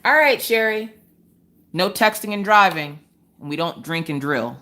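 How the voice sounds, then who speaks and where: A woman's voice: on the low side, expressive, unhurried, pushed and bright. A woman in her thirties from Pennsylvania, hosting a casual crafting livestream from home, chatty and laughing often as she tells family stories. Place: home, indoors.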